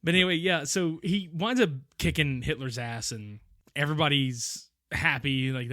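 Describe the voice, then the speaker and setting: A man co-hosting a podcast, recapping a film in casual chat, animated, laughing often and swearing casually. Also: on the high side, normal speed, no echo, studio quality. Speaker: podcast co-host.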